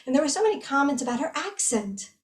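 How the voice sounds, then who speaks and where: A woman's voice: high voice, big pitch swings, quick pace, recorded from a distance. A woman researcher in a conversational interview, talking in a chatty way with many fillers and self-corrections. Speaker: researcher guest.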